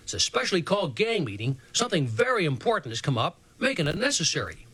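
A man voicing a calm, matter-of-fact boy who leads a gang. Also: fairly high pitch, fast talker, breathy edge, heavily acted.

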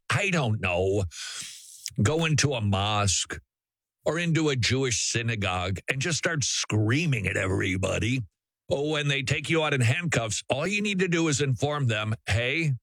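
A man's voice: mid-range voice, fairly bright tone, no echo. A man from Saint Paul, Minnesota, hosting a radio talk show in a sarcastic, mock-emotional monologue. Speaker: radio host.

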